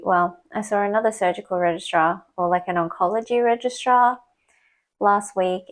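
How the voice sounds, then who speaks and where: A young vlogger talks casually to the camera, telling a candid personal story and recounting conversations. Her voice is medium in pitch, and the rough recording comes from a small clip or desk mic that occasionally gets bumped.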